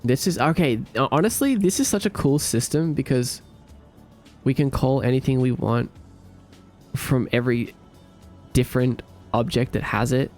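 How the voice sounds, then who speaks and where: A man with a mid-range voice live-streams himself coding a game, chatting casually with viewers at a moderate pace with frequent pauses. He sounds sleepy and relaxed, rambling, thinking aloud, and humming to himself as faint music plays behind him.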